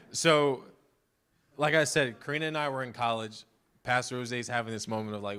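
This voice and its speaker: Young male preacher, twenties, casual storytelling sermon, filler-heavy, mid-pitched voice. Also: steady tone, normal speed, sharp tone, clean tone. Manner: emotional, holding back tears; conversational, many "like" fillers. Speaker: pastor's son preaching. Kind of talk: sermon with personal testimony.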